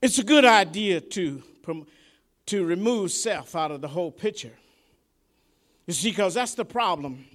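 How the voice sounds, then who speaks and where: A man preaching a sermon in a conversational way, dropping to quiet asides and rising to shouted peaks, often repeating words as he restarts. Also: high voice, animated, unhurried. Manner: preaching with sharp swings between soft asides and shouted climaxes.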